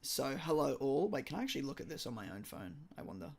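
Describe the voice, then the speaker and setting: Hoarse, croaky man teacher. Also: medium pitch, big pitch swings, fast talker, darkish tone. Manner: chatty, apologetic, reads viewer chat aloud. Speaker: maths teacher. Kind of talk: live-streamed exam tutoring. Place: at home, indoors. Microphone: streaming microphone.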